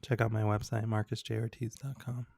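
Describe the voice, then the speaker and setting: A man's voice: fairly low pitch, flat delivery, fairly quick, gravelly, darkish tone. A young adult man, a podcast co-host, chatting casually and telling stories in a rambling way full of fillers. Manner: rambling, filler-heavy storytelling. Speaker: podcast co-host, graphic designer.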